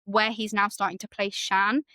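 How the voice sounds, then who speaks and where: A woman's voice: mid-range voice, moderate pace, dry recording. Chatty woman retelling a book. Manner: animated retelling, acts out quotes, many fillers. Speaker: book podcast host. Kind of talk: casual book recap chat.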